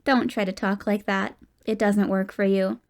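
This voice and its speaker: A woman's voice: medium pitch, little pitch movement, moderate pace, natural voice. A woman voicing a sullen, guilt-ridden teenage boy in an audiobook, speaking curtly. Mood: dry. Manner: curt and sullen.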